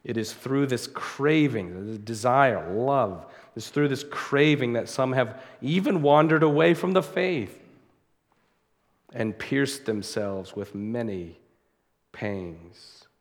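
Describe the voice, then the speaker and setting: A man preaching a sermon in an earnest way, slowing down to stress key words as he reads scripture aloud. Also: mid-range voice, animated. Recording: long hall reverb.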